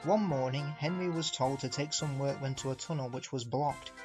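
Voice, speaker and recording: A man reads a children's storybook aloud in an expressive storytelling manner, now and then speaking straight to the listener. His voice sits at a middling pitch, with faint music playing beneath the narration. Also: moderate pace. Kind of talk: storybook reading.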